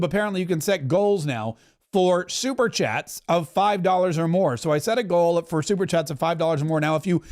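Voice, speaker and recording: A man hosting a live stream, chatting casually and wryly over a broadcast and thanking viewers for donations. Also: high-pitched. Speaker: podcast host commenting on a live broadcast.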